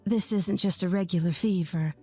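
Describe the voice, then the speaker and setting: A woman's voice: fairly low pitch, normal speed, a little mellow, faint music behind. Woman in her twenties narrating her story. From rural Texas, USA. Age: 20s. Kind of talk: first-person story narration.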